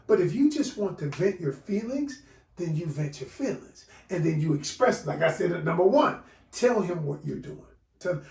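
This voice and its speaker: Animated man coaching, roomy echo. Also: fairly high pitch, moderate pace, creaky, recorded from a distance. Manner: animated, preachy, addresses viewers as y'all. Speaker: relationship coach. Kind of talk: video course lesson.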